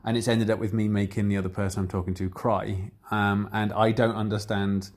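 A man talking candidly in a casual chat, rambling and getting animated as he retells conversations. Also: fairly low pitch, fairly quick.

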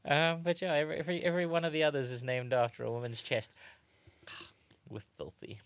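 A man's voice: mid-range voice, fast talker. A man co-hosting a comedy trivia podcast, explaining facts in a wry, joking casual chat. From South Africa. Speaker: podcast co-host.

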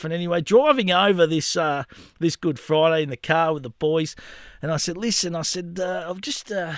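A high-pitched man hosts a casual podcast, telling animated stories and breaking into laughter at his own jokes. The sound is dry and close, with no room around him. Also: smooth, no echo. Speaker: podcast host. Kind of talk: casual storytelling chat.

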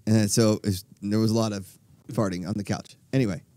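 A man co-hosts a comedy chat show, riffing in a playful, rambling way. His voice is middle-pitched and recorded dry and close. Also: steady tone, fairly quick, warm tone, no room sound. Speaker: podcast co-host. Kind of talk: casual chat.

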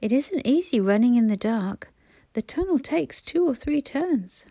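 A woman's voice: fairly high pitch, lively intonation, measured pace, mellow, dry recording, voice pushed up. Woman voicing a doubtful foreman, officious, in a dry storybook reading. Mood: knowing. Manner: officious, hesitant. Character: fussy, doubtful male railway foreman.

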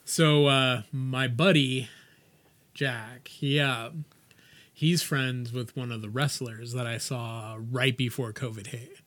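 A man's voice: mid-range voice, slow pace, dry recording. A middle-aged man co-hosting a podcast, telling stories in casual chat with plenty of swearing. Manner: profane, excitable storyteller. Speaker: podcast co-host.

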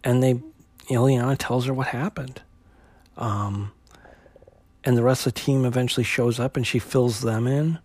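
A man's voice: medium pitch, fairly even intonation, moderate pace, long pauses, darkish tone, husky, dry recording. A man hosting a podcast, recapping a comic book issue in a loose conversational way, with plenty of fillers and restarts. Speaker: podcast host.

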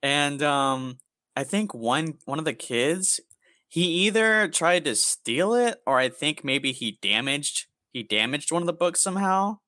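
Young guy cohost, swears a lot, bright voice, really bouncy, super dry sound. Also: measured pace, no room sound. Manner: profane, animated storytelling with squeaky impressions. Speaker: podcast co-host. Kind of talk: casual chat, storytelling.

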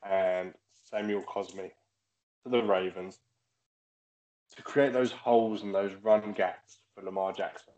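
A man's voice: fairly low pitch, fairly even intonation, measured pace, darkish tone, muffled recording. A tipsy man co-hosting a podcast, chatting casually and teasing his co-hosts. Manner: joking, teasing. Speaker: podcast co-host. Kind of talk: casual sports chat.

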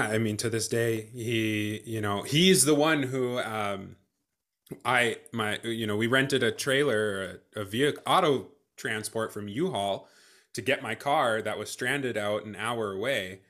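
Lowish bright-toned young man, hesitant. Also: measured pace. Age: young adult. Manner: hesitant, full of ums and restarts, good-humored. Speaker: guest, new father. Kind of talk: casual interview chat.

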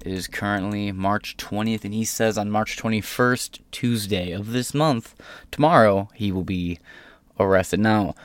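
A man's voice: on the low side, a little slow, no echo. A young man hosting casual news commentary, reading out articles with irreverent, sarcastic and profane asides. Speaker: host.

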